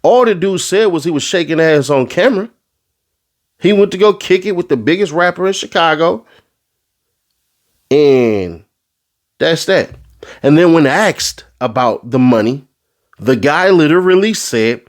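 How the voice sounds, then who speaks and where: A man doing a casual commentary rant, full of street slang, who swings from low asides into high, exasperated outbursts. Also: very animated, measured pace, pauses often. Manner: street slang, addresses the audience as bro. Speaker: commentary vlogger.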